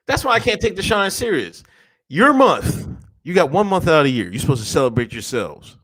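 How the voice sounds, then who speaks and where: A man's voice: a little high, big pitch swings, moderate pace, a bit bright, a little hiss or hum. A man co-hosting a casual podcast, cursing, laughing often and reading out viewer comments. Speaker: podcast co-host.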